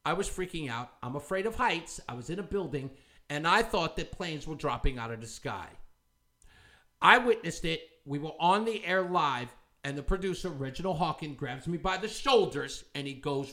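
A man's voice: a little high, animated, moderate pace, bright, forceful tone. A man hosting a commentary show, ranting in a heated, scornful, confrontational way. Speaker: talk show host.

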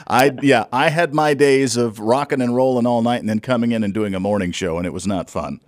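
A man hosting a radio interview, easygoing and quick to laugh along with his guest. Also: mid-range voice, no echo, studio quality. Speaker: radio host.

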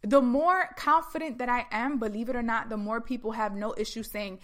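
Fired-up woman doing a motivational talk, slightly high voice, talks right to the audience. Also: brisk, few pauses. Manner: energetic, emphatic, addresses listeners directly. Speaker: motivational speaker.

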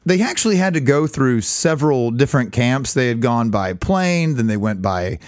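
A man co-hosting a podcast with a Southern US accent, telling the story in a lively, jokey way. His voice sits at an ordinary middle pitch. The sound is close and dry, with no room echo. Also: moderate pace. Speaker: podcast co-host. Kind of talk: casual chat.

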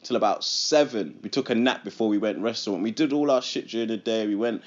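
A young London man in his twenties, chatting on a podcast in loose street slang. He tells stories in an animated way and laughs often. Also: lowish voice, quick pace, dull audio. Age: 20s. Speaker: podcast host. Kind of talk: casual chat.

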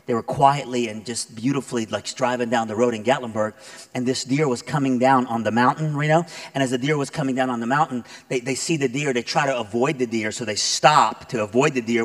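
A man preaching to a congregation in a loose, chatty storytelling voice full of fillers. He swings from easy talk up to loud, emphatic high points. His voice sits in an ordinary middle range for a man. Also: a little fast. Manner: animated storyteller, builds to loud emphatic peaks; conversational, many fillers. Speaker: guest preacher. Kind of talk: sermon with storytelling.

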